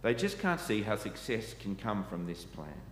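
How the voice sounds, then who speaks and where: Male preacher, low register, earnest and questioning, recorded in a reverberant church. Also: sing-song, moderate pace. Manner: earnest, asks the listeners questions. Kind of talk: sermon. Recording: echoey church hall, faint ambient noise.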